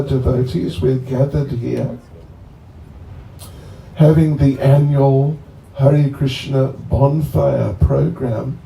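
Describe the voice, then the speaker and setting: A medium-pitched man with a creaky, dark voice gives a slow, rambling, joking introduction of a guest to devotees by a bonfire. The recording is distant and echoey, with a faint hum of ambient noise.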